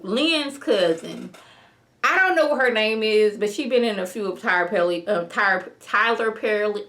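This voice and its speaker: Chatty woman recapping a TV episode. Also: medium pitch. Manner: animated, chatty, acts out characters' lines, many "like" fillers. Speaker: TV review vlogger.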